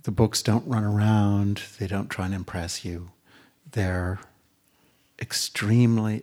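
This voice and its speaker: A man introducing an author onstage, speaking slowly and deliberately, stretching words and sinking to a near-whisper for emphasis. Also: on the low side, steady tone, a little mellow. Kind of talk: reflective spoken introduction.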